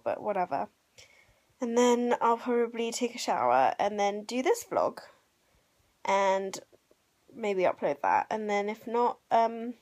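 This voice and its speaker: A woman's voice: a little high, darkish tone. A young woman chatting casually in a daily vlog, tired and a little out of breath, laughing often. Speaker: vlogger.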